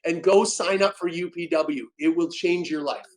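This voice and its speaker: A man's voice: fairly high pitch, normal speed, rough recording. Podcast guest, male, emotional storyteller, dramatic delivery with big swings in volume. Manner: animated, dramatic, swings loud and soft.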